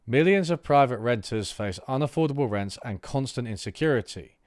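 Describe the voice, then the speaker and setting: A man's voice: mid-range voice, lively intonation, fairly quick, a little mellow, no echo, studio quality. A man reading political text aloud on a livestream, stopping for loose, rambling asides with fillers. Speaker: streamer reading political manifestos.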